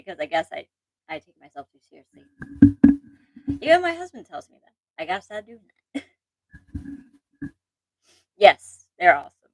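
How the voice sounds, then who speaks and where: A woman's voice: fairly low pitch, fairly bright tone, no room sound, rough recording. A young woman hosting a casual livestream chat, rambling and self-deprecating, with restarts, laughs and an occasional allergy cough. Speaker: channel host.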